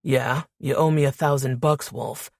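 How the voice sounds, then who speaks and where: Female narrator playing gruff terse man, low, gravelly, muted. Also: steady tone, unhurried, darkish tone, no echo, clean studio sound, exaggerated voice. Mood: flat.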